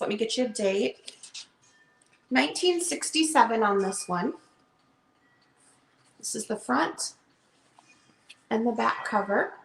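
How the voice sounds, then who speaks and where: Woman, bookseller host, casual live-sale patter, fairly high voice, roomy sound. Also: vocal fry, a bit bright, slight background noise. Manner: casual, chatty, unhurried. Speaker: online bookseller. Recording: roomy echo.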